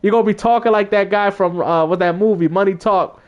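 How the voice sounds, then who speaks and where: A man telling a story casually to his stream audience in a slangy, animated way, acting out the quotes with big jumps in his voice. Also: sits high, fairly quick, dull audio. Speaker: gaming streamer.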